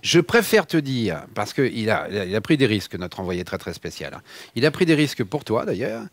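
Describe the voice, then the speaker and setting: A man hosting a lively talk show, eager and repeating himself in quick bursts. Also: mid-range voice, no echo. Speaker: host.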